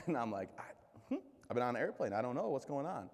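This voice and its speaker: A man's voice: mid-range voice, quick pace. Man telling joking stories in a hall. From United States. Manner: joking, self-deprecating, lively quoted voices. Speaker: keynote speaker. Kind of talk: comedic storytelling speech. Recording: reverberant hall.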